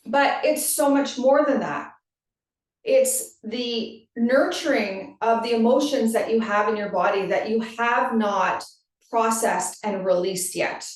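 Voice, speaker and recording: A woman with a slightly high voice speaks slowly as she hosts a podcast, a yoga teacher chatting casually and often checking in with "right?" and "like." The room is very echoey and she sits far from the mic.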